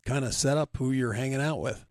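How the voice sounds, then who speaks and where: A man co-hosting a hobby podcast, telling an anecdote in a relaxed storytelling way. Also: medium pitch, brisk, no echo. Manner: relaxed storyteller, acts out dialogue. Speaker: podcast co-host. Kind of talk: casual chat.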